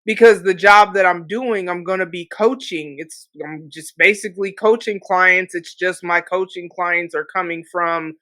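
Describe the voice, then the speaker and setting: A woman's voice: on the low side, moderate pace, hardly any pauses, sharp tone, no room sound. A woman hosting a podcast in casual chat, reflective, with frequent filler phrases. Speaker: podcast host.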